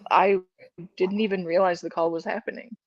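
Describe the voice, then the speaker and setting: A woman's voice: fairly low pitch, fairly even intonation, fairly quick, no room sound, highs cut off. A woman arguing in an online voice chat, sarcastic and cutting, swearing. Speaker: participant in a heated online voice chat. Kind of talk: argumentative voice chat.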